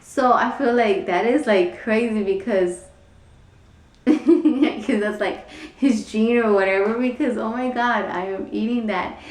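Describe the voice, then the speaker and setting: A woman's voice: a little high, a little slow, a little mellow. A young woman chatting casually in a vlog, rambling with many fillers and frequent laughs. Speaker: vlogger. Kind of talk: casual pregnancy vlog chat. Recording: echoey room, somewhat far from mic.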